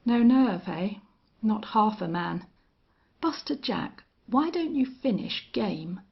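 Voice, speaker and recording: A steely old gunfighter, as a woman narrator puts him on, flat and cold, each threat unhurried. Her voice has a husky, gravelly edge, and the recording sounds muffled and lo-fi. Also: medium pitch, full character voice. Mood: menacing. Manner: strange, monotonous, cold. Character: grim, steely older male gunfighter and hunter.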